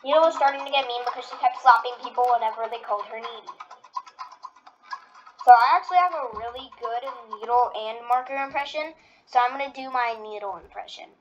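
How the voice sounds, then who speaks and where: A woman's voice: on the high side, a little fast, highs cut off, faint music behind. A woman giving casual reaction-video commentary, rambling with lots of fillers. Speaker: video creator.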